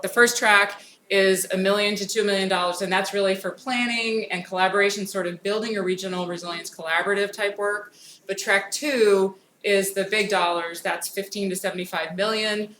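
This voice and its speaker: A woman with a mid-range, fairly bright voice gives a brisk, informal conference presentation on grant programs, often saying "um." She speaks for a federal grants program in a conference hall, and the echoey room carries faint noise.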